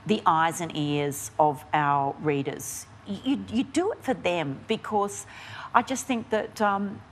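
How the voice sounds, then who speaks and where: Slow and on the low side, this Australian woman's voice carries a little hiss or hum. She's an investigative journalist appearing as a guest, giving candid, conversational interview answers in a frank, animated way full of restarts and fillers.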